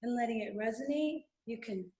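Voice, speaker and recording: High-voiced woman guiding vocal warm-ups. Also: normal speed. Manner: calm step-by-step guidance with sustained sung vowels. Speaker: instructor. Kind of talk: guided vocal breathing exercise. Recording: roomy echo.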